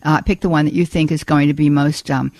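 A woman's voice: low voice, level tone, a little mellow, dry recording. Earnest woman radio host, dry studio. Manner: earnest, measured, repeats words while searching. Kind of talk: Catholic call-in radio talk. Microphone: studio microphone.

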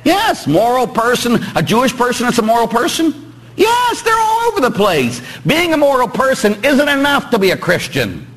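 A priest with a Pittsburgh accent preaches a joking, emphatic sermon to his congregation in a church, animated and with rising emphatic pitch. He talks at a moderate pace with a breathy edge, and the recording is rough.

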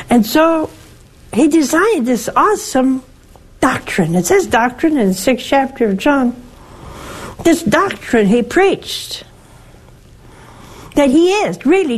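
Older woman, nun, gentle devotional talk, slow unhurried delivery, a touch high. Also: very animated, poor audio. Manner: slow, gentle, emphatic, with rhetorical questions. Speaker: nun hosting a call-in show. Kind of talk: religious teaching and call-in advice.

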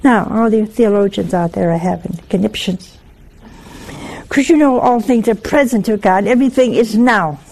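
Gravelly-voiced woman preaching with folksy humor. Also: mid-range voice, moderate pace, darkish tone. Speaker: religious speaker. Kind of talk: conversational sermon with anecdotes.

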